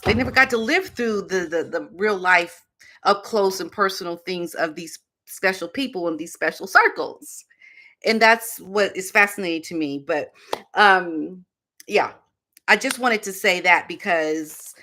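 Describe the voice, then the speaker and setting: Woman host, casual commentary, chatty and sarcastic, lowish voice with a bright edge. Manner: chatty and animated, many fillers, sarcastic asides.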